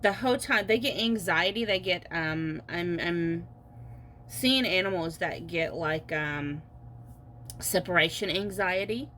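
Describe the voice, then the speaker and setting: Woman, tarot reader, unhurried lower voice, giggly and halting. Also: bright, forceful tone, a little hiss or hum. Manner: giggly, halting with many fillers. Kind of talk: casual pick-a-card reading.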